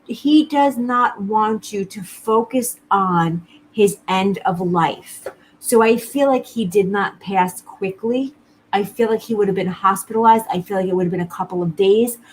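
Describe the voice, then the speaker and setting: A woman's voice: medium pitch, a little mellow, a little hiss or hum, low-quality recording. A woman psychic medium doing a live-streamed reading, talking to viewers in an earnest, reassuring way and often repeating herself.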